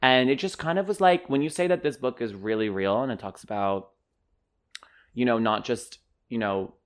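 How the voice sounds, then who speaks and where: A young man co-hosting a podcast, chatting casually about a book, often jumping into excited high-pitched outbursts. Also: moderate pace. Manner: animated, jumps into high squeals when excited. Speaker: podcast co-host. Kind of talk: casual book-club chat.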